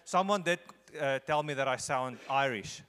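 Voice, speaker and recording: A man addresses a church congregation as a visiting speaker. His voice sits at an ordinary middle pitch and he talks earnestly, repeating phrases to drive them home. The sound rings with the long reverb of a big sanctuary. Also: normal speed, a bit bright. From South Africa. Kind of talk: conversational church talk leading into a sermon. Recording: echoey church hall.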